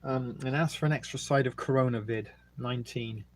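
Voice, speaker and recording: A middle-aged man with an English accent chats loosely through a long live stream at an ordinary pitch. His talk is rambling and jokey, full of ums. He pauses to eat, and a faint hiss of noise sits under the voice. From England. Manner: rambling and jokey, with many ums, eating and burping between remarks. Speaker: livestream host. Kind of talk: casual live-stream chat reading viewer comments.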